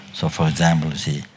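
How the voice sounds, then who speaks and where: A very low, gravelly older man giving a Buddhist dharma talk, his voice husky. He speaks very slowly and haltingly, restarting phrases and coughing or clearing his throat often. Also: a bit bright. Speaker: Buddhist teacher.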